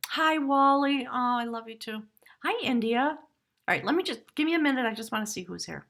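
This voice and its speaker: A woman hosting a tarot live stream from her home, musing earnestly and spiritually in a casual way, sometimes dropping to a hushed aside. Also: a little high, expressive, fairly quick, vocal fry. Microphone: device camera.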